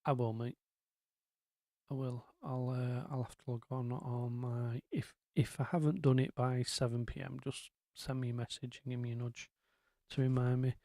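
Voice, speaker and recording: A man's voice: medium pitch, flat delivery, normal speed, warm tone, no room sound. A man hosting a casual live-stream chat, rambling along with lots of ums and asides.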